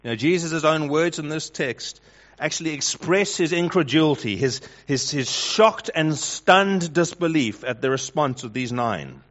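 Guy preaching a sermon, firing off rhetorical questions, goes loud then quiet, kinda dull lo-fi audio. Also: a little high, expressive, measured pace. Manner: emphatic, rhetorical questions, swings between loud and hushed. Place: church hall with congregation. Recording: dull lo-fi sound.

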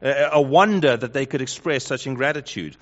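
A man preaching a sermon, building through rhetorical questions and swinging between loud emphasis and hushed lines. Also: mid-range voice, a little fast. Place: church hall with congregation. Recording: dull lo-fi sound.

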